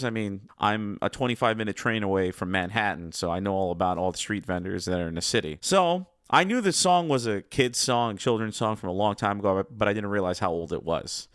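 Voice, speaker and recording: A man's voice: fairly low pitch, normal speed, a bit bright, no room sound, studio quality. A man giving casual, enthusiastic commentary on a cartoon's music, wandering into asides and reading quotes aloud. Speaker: music segment presenter on an animation review show.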